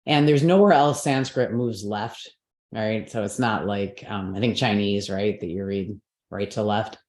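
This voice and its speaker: A woman's voice: extremely low pitch, a little slow, darkish tone. Patient woman teaching in a roomy space. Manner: patient, checks understanding with frequent "right?" and "okay". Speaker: Sanskrit pronunciation teacher. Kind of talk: explanatory online class. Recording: roomy echo.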